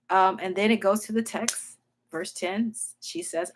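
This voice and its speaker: Against a noisy background, a woman with a steady, mid-range voice teaches the Bible informally and without hurry. She speaks emphatically, often pausing to ask her audience "okay?" or "all right?"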